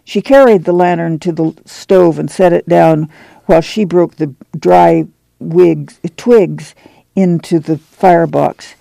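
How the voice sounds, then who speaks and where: A man narrating an audiobook at a steady, measured pace. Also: fairly high pitch, vocal fry, dry recording, low-quality recording.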